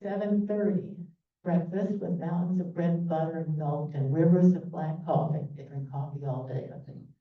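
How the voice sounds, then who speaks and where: A woman's voice: deep voice, steady tone, normal speed. A woman from New Orleans giving a history talk with slides, chatty and loose, with fillers and asides. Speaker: presenter. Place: meeting room. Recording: echoey, distant, phone-like sound.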